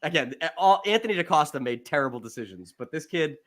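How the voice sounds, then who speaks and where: A man's voice: a little high, animated, quick pace, noisy background. Laughing, profane man telling stories. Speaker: podcast co-host. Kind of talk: casual chat, storytelling.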